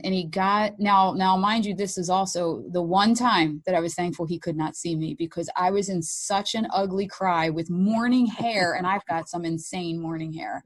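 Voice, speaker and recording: A woman speaking in an ordinary middle register tells her own story as an interview guest. She is animated and candid and slips into other people's voices when quoting them. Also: mid-range voice, slightly rough. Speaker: guest, mother of blind sons.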